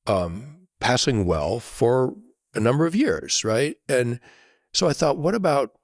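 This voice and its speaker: A man as a podcast guest, telling a reflective story in an earnest way, often checking in with a quick "right?". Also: medium pitch, big pitch swings, no room sound, clean studio sound.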